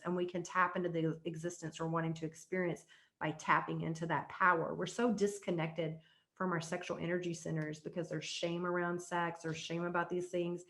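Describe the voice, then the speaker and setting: A woman tantra coach talking as a podcast guest, explaining in an earnest, flowing way and guiding calmly. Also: on the low side. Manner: calm soft-spoken guidance. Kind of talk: podcast interview chat.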